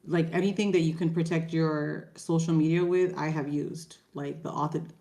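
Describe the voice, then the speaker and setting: A woman's voice: deep voice, steady tone, normal speed, dark tone. A woman guest on a trading stream, chatting casually and filling her talk with "like". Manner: chatty, says "like" a lot, laughs easily. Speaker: guest trader and content creator. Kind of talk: casual live-stream chat.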